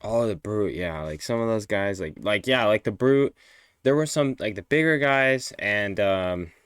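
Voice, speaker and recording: A man with a fairly low voice reacts to a game interview on his stream. He rambles loosely and swears freely, and the sound is dry and close with no room around it. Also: animated, measured pace, a bit bright, smooth, no room sound. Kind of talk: casual live-stream reaction.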